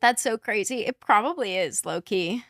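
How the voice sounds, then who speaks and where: A woman's voice: mid-range voice, animated, normal speed, fairly bright tone, studio quality. A young woman as a podcast guest in casual chat, laughing often and echoing her friend. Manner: chatty, laughs often, echoes the host. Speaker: guest, best friend of host.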